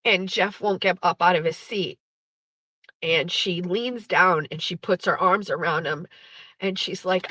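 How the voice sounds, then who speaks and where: A woman's voice: fairly low pitch, slow, a bit bright, no echo, poor audio. A woman host in her thirties, candidly telling a personal story with blunt, profane, emotional language. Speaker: podcast host.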